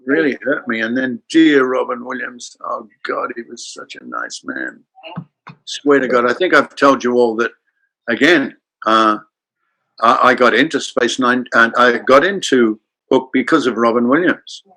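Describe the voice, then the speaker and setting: An older man from Australia, a guest actor telling anecdotes in an animated way and acting out the voices in his stories. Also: mid-range voice, a little slow, poor audio. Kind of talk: anecdotal storytelling in a chat.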